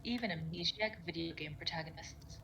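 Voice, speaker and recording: A woman voicing a mocking, disembodied dark voice inside the player's head, low and half-whispered. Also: a little fast, vocal fry, background noise. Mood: sneering. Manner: sneering and condescending.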